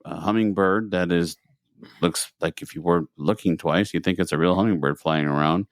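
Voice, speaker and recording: Low-voiced man telling an animated story. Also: normal speed, no echo, clean studio sound. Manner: animated storyteller, acts out quotes in raised voices. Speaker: podcast co-host. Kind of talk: casual storytelling chat.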